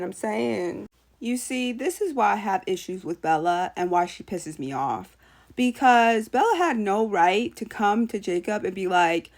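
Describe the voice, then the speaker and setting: A woman hosting a casual opinion vlog, talking in an animated, sassy way and mocking characters in put-on voices. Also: on the high side, measured pace, vocal fry. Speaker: channel host.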